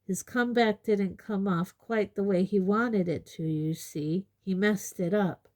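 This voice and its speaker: A woman reading an audiobook, voicing an earnest man in his thirties who explains things calmly. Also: medium pitch, a little slow, lightly acted. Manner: calm, explanatory.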